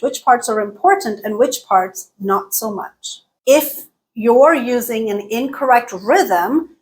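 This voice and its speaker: Woman, higher register, calm language teacher delivering a scripted lesson deliberately, leaning on key words. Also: rough recording. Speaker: English teacher and channel host.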